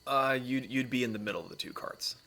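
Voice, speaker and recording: A man running a tabletop fantasy game, describing the scene in measured narration with small fillers. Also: mid-range voice, bright, forceful tone, slight background noise. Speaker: dungeon master.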